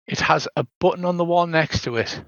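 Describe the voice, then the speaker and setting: A man's voice: a little high, fairly quick, fairly bright tone, smooth, no echo. An older man running a tabletop game as game master, narrating the scenes at length and now and then adding "so there is". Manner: descriptive, tosses in "so there is". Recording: dull lo-fi dry sound.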